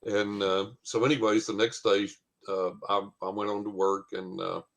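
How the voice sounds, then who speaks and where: A man tells a long anecdote in a fairly low voice. He rambles along with many "uh"s and acts out what other people said. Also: flat delivery, normal speed, vocal fry, a bit bright. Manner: rambling anecdote with many fillers and quoted dialogue. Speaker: guest storyteller. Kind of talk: casual storytelling.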